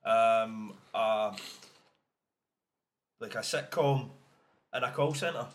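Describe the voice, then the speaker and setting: A man's voice: fairly low pitch, drawn-out words. A man co-hosting a podcast, rambling through jokey stories and laughing as he goes. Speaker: podcast co-host. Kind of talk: casual banter. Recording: echoey room with faint background hum.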